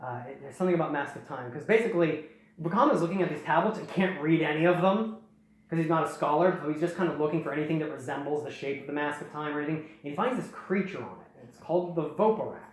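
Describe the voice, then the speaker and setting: Young man, casual rambling story recap, fairly high voice, very echoey room. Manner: rambling, quick snippets of character dialogue. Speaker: host.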